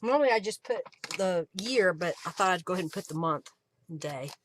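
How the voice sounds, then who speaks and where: A woman with an Oklahoma accent hosts a live crafting stream, chatting casually with viewers and thanking them by name. Her lowish voice is animated and fairly quick, with a little hiss or hum in the background.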